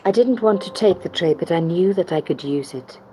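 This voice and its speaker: A woman's voice: fairly low pitch, animated, fairly quick, mellow, slight background noise, close to an everyday voice, poor audio. A woman voicing a young female game heroine, narrating with dry, sardonic asides.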